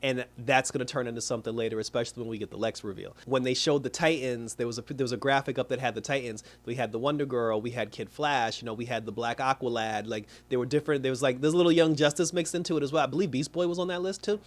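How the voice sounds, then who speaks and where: A man talks quickly and loosely through a spoiler review. He rambles, laughs often and slips into characters' lines as he retells scenes. His voice sits at an ordinary middle pitch. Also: fairly even intonation.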